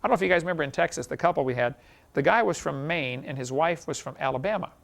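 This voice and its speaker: Brief: male lecturer, fairly high, gravelly voice, folksy teaching style. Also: rapid-fire, fairly bright tone. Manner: folksy, chuckles at his own stories. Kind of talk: classroom lecture with anecdotes.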